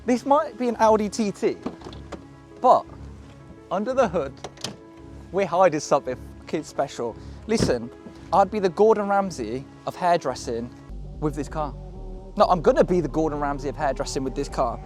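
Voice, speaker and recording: A young British man casually showing off a cheap used car, excitable, joking and swearing as he goes. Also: on the high side, normal speed, pauses often, faint music behind. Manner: excitable, swearing, laughing, jokey. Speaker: car vlogger. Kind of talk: casual car walkaround vlog.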